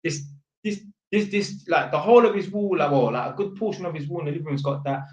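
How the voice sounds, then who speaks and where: A man's voice: fairly high pitch, quick pace. A man, an electrician telling a long, slangy, rambling story for his vlog, full of fillers and restarts. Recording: roomy echo.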